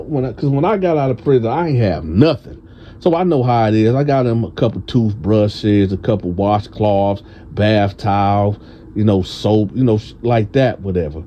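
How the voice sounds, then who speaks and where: A man from tells a prison storytime in a casual, animated way. He acts out his friends' voices in a higher pitch. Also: slight background noise.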